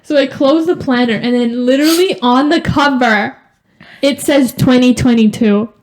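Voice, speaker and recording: A young woman co-hosting a casual sibling podcast, telling animated stories full of "like". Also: sits high, normal speed. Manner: animated storytelling with lots of "like". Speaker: podcast co-host.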